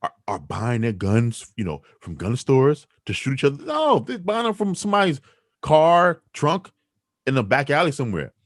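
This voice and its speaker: Man, co-host, emphatic rhetorical commentary, lively swooping pitch, dry close sound. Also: normal speed, no echo. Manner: animated, emphatic, rhetorical, with restarts. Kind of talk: opinionated news commentary chat.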